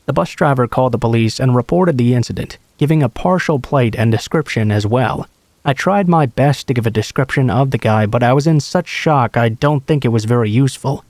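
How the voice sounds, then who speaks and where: A man narrating a true horror story in the first person, in a measured, earnest read. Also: medium pitch, a little mellow, dry recording.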